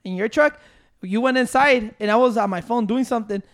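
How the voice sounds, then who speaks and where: A Mexican-American man, co-hosting a casual podcast chat, telling profane, animated stories full of asides and "wait"s. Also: very high voice, a little fast. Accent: Mexican-American, mixing in Spanish. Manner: profane, animated storyteller who keeps saying "wait". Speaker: podcast co-host. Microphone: studio microphone at a table.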